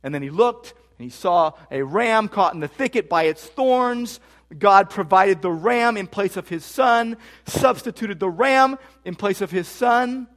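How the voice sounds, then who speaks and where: Male pastor with a notably high voice, preaching with emphatic repetition. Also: lively intonation, a little slow, a bit bright. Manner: emphatic, repeats key phrases for stress. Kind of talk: expository sermon.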